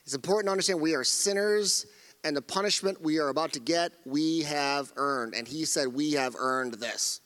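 A middle-aged male pastor delivers a sermon with earnest emphasis, stressing key phrases and restarting sentences as he builds his points. His voice sits a little high for a man. The sound carries the long reverb of a church sanctuary. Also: fairly quick, fairly bright tone.

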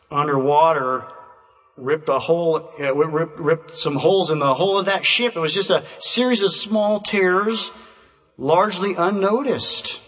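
A man preaching a sermon, telling an illustration in a measured way and slowing to stress key words. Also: on the high side, fairly bright tone. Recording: reverberant hall, voice from a distance.

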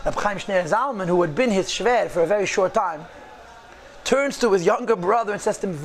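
Male storyteller, high gravelly voice, animated delivery mixing in Yiddish phrases. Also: a little fast, a little hiss or hum. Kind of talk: storytelling talk.

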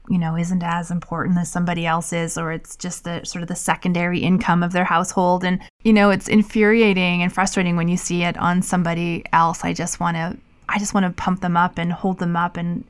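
A woman co-hosting a podcast, talking in a casual, thoughtful way that often trails off and restarts. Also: on the low side. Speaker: podcast co-host. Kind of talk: casual conversational podcast chat.

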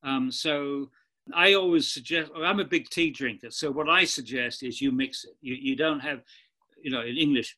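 A man with an Australian accent, a guest expert explaining points in an animated, emphatic way during a podcast interview. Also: mid-range voice, normal speed.

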